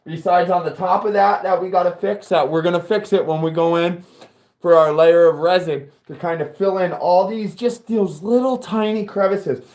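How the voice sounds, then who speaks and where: A man with a fairly high voice walks viewers through a car audio build in his workshop. He talks in a chatty, profane, casual way and keeps speaking directly to his audience. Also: fairly even intonation, normal speed, a little mellow.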